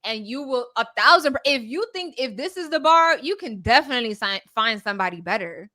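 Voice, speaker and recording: Young woman cohost, kinda high bright voice, preachy and emphatic, just chatting. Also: animated, a little fast. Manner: emphatic, preachy advice-giving. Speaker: podcast co-host. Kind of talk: casual chat.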